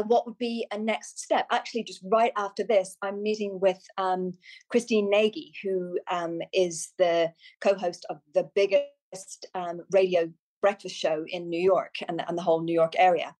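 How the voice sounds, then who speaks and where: Irish woman, middle-aged, animated, chatty, medium pitch. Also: moderate pace. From Ireland. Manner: animated, chatty, many restarts and quoted asides. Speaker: guest media coach. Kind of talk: casual podcast chat.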